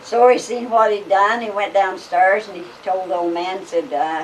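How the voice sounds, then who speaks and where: A woman's voice: medium pitch, steady tone, normal speed, few pauses. An older woman, telling family stories in a folksy, rambling way with lots of fillers. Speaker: family storyteller. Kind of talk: casual storytelling. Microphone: camcorder microphone. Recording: home video camera from a distance, faint hiss.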